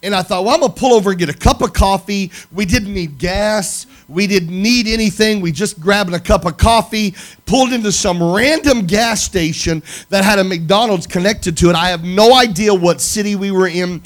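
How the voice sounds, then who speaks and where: A man's voice: high-pitched, moderate pace. A man preaching, telling a story animatedly and acting out the dialogue. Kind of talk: sermon storytelling.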